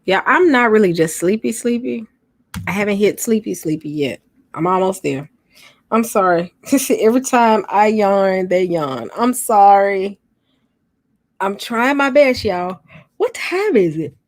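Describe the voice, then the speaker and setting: A woman's voice: medium pitch, very animated, unhurried, dry recording. A middle-aged woman, chatting casually and sleepily to viewers on a late-night livestream. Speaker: livestream host.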